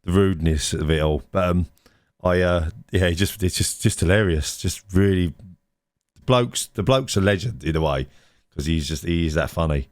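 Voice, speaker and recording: Guy on a podcast, lowish voice, keeps repeating himself, dry close mic. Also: moderate pace, dry recording. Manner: rambling, repeats words, laughs at own stories. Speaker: podcast co-host. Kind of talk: casual banter. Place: indoors, recorded live.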